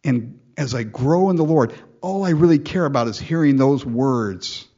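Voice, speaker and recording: A man preaching with lots of energy, voicing prayers as if speaking them himself and chuckling along the way. His voice is a little husky, and the recording sounds dull and muffled. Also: medium pitch, normal speed. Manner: animated, acts out quoted prayers, laughs often. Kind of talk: sermon.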